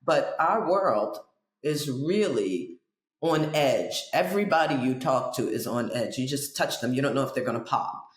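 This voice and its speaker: Animated woman host in a roomy space. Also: very deep voice, normal speed. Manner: animated, digressive storytelling. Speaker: podcast host. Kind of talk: casual interview chat.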